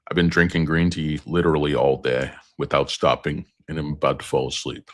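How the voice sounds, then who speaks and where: Very deep-voiced joking stock streamer. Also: male voice, little pitch movement, brisk, hardly any pauses. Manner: rambling, joking, self-mocking. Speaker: stock market livestream host. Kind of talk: casual livestream chat reading viewer comments.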